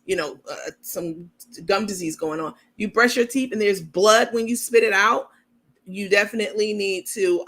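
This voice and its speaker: A woman's voice: medium pitch, fairly bright tone. A woman with a New York accent hosting a chatty, rambling commentary show, reading out viewer comments as she talks. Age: adult with a university degree. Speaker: commentary channel host. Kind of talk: casual livestream-style commentary.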